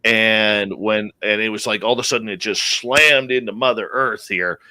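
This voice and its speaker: A male radio host with a forceful, bright-edged voice and fairly low pitch. He tells stories animatedly and slips into quoted voices. The sound is dry and close. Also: moderate pace, dry recording. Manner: animated storyteller who acts out quoted speech. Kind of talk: casual interview talk.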